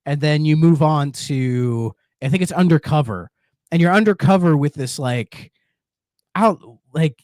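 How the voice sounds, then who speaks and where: Animated rambling male podcast host. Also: on the high side, measured pace, no room sound, clean studio sound. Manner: rambling, animated, acts out game lines in silly voices. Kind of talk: casual chat about retro games.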